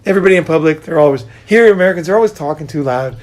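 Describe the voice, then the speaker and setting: A middle-aged man with a somewhat high speaking voice, telling stories in casual conversation. He is animated, laughs often and drops the odd curse word. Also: racing. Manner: animated, laughing storyteller who swears casually. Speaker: podcast host.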